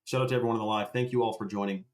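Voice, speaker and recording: A man's voice: lowish voice, steady tone, rapid-fire. A man hosting a casual livestream. He answers viewers by name, swears freely and keeps a loose, chatty tone. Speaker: livestream host.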